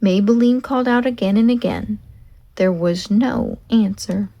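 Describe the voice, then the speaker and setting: Slow, expressive woman storyteller. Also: medium pitch, lo-fi sound. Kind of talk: children's read-aloud narration.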